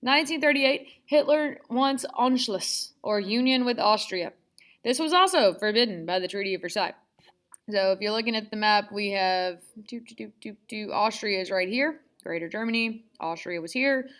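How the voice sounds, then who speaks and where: A woman's voice: medium pitch, moderate pace, a bit bright. A woman teaching a history lesson in a chatty, casual way, full of sarcastic asides. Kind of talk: casual classroom lecture.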